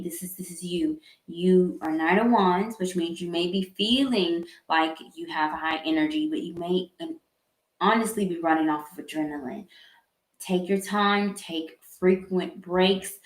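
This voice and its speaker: A woman giving a live tarot reading in a slow, earnest, halting way, with sighs and repeated words. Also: on the low side. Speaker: tarot reader. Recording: echoey room.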